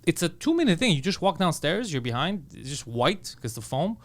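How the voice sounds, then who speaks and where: Fast-talking, profane man telling stories. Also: a little high, very animated, a bit bright. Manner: profane, fast-talking storyteller who acts out other people's lines. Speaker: podcast co-host. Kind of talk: casual comedy podcast chat.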